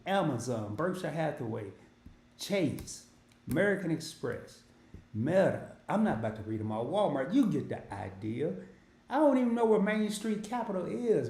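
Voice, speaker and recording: A man's voice: fairly high pitch, gravelly, dark tone, echoey room. A middle-aged man hosting an investing channel, talking casually and slangily as he walks through an app on screen. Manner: chatty, slangy, self-joking. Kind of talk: casual screen-share walkthrough.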